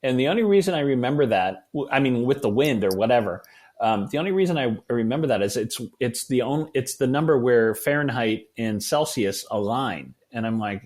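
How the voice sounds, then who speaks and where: A man guesting on a podcast, trading animated stories in an everyday conversational way. his voice sits at a typical middle pitch for a man, neither low nor high. he tells his anecdotes with energy. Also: brisk. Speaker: guest author.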